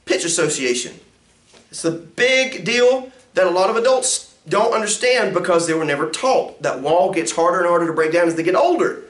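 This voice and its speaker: Animated high-voiced pastor teaching. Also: male voice, normal speed. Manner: animated, swooping up and down in pitch; acts out sounds and quotes with big pitch jumps. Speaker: pastor teaching a music ministry course. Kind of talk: classroom lecture. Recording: roomy echo.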